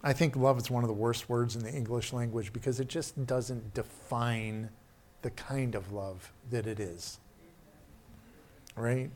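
An older man preaching a sermon to his congregation, often dropping his voice low and then rising to loud, urgent emphasis. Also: a little slow, a little hiss or hum. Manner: animated preaching, shifts from soft to loud.

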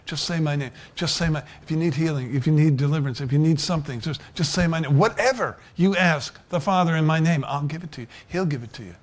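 A man preaching a sermon, building from low, even talk to loud fervor and at times dropping to a whisper. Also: quick pace, hardly any pauses.

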